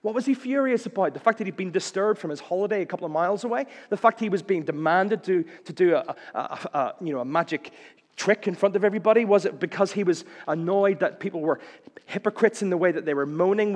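A man's voice: sits high, fast, long reverb tail. A man preaching a sermon in a conversational way, with wry jokes and questions to the listeners.

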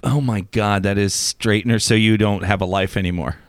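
A man's voice: fairly low pitch, steady tone, fairly quick, dry recording, clean studio sound. A man co-hosting a podcast, trading crude jokes and teasing his co-hosts in casual banter. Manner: bawdy, teasing, breaks into sung jingles. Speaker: podcast co-host.

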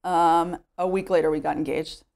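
A woman's voice: low-pitched, fairly even intonation, normal speed, creaky, darkish tone. A woman from Texas, chatting as a guest about her own life at home and filling her talk with "like". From Sherman, Texas, US. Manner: chatty, with many "like" fillers. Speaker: interview guest. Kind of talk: casual storytelling interview.

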